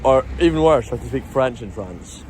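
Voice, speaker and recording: A man's voice: mid-range voice, lively intonation, moderate pace, darkish tone. Scottish man, casual livestream, swears freely, phone mic, faint street noise. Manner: chatty, swears a lot, talks to chat. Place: outdoors on a city street at night. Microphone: handheld phone.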